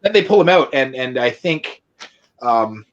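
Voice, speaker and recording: A man co-hosting a podcast, talking through a movie casually and haltingly while going by his notes. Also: mid-range voice, lively intonation, dull audio. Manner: halting, many fillers, reading from notes. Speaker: podcast co-host.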